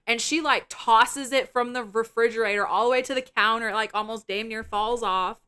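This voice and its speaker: Woman podcast co-host, bright and clear, blunt and profane, animated scene recaps. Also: a little high, moderate pace. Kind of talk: casual film review chat.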